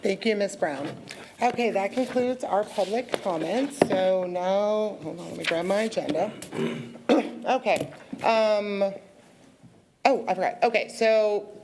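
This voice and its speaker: A woman chairing a school board meeting, running the agenda in an informal, halting way with frequent ums and quick apologies. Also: medium pitch, background noise.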